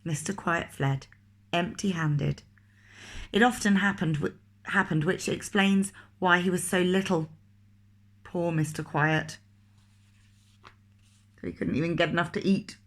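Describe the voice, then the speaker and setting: A woman reading a picture book aloud to children, expressive and asking the listener questions. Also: lowish voice, a little slow, long pauses. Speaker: teacher reading a story to children.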